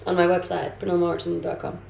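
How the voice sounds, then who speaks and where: A woman's voice: fairly low pitch, completely flat delivery, quick pace, vocal fry, a little mellow, a little hiss or hum. A young adult woman streaming live, chatting casually and reading comments aloud with easy laughs. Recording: roomy sound with faint music behind.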